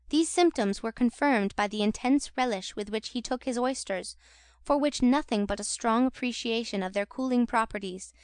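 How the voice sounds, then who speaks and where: A woman narrating a classic novel audiobook in a measured reading voice. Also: on the high side, a little mellow, dry recording, studio quality. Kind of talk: scripted narration.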